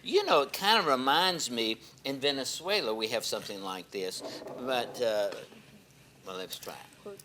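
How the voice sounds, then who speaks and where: A pastor who hosts a TV program tastes food in a studio kitchen, chatting exuberantly with jokes and loud exclamations. His medium-pitched voice has lively intonation and a slightly slow pace, over a noisy background.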